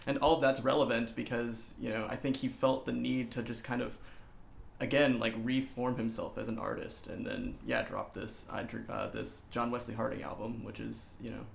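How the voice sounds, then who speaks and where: A man's voice: medium pitch, fairly even intonation, normal speed, vocal fry. A young man in casual discussion, with lots of fillers. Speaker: student interviewer. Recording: roomy echo with faint noise.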